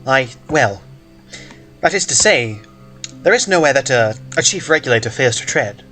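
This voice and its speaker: A man's voice: mid-range voice, animated, normal speed, bright, forceful tone, faint music behind. A man voicing a nervous, formal adult official who stammers politely. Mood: flustered. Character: flustered, wordy adult official.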